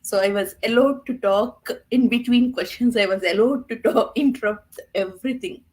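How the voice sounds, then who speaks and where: A woman's voice: a little high, moderate pace, darkish tone. A woman in casual chat on a video call, teasing and laughing.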